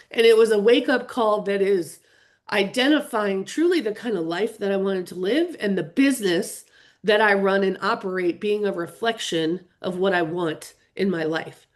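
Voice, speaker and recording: A middle-aged woman coaching real estate agents in a live webinar, earnest and openly emotional as she talks to viewers. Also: mid-range voice.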